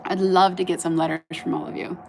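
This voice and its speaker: A woman live streaming outdoors at night into a phone on a stand, chatting in a bubbly way and often dropping to a soft murmur. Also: on the low side, level tone, quick pace, a little hiss or hum. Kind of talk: casual live stream chat. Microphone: phone camera on a stand.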